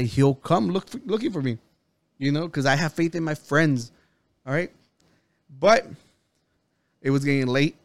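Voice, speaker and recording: A man's voice: fairly high pitch, dry recording. A man, a podcast co-host, telling a long story in casual chat, rambling, swearing and quoting himself and others.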